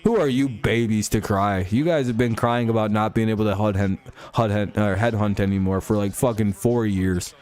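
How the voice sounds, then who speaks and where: A man's voice: lowish voice, moderate pace, a little mellow. Young man, streamer, profane, ranting, mocking, casual chat. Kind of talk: live game watch-along chat.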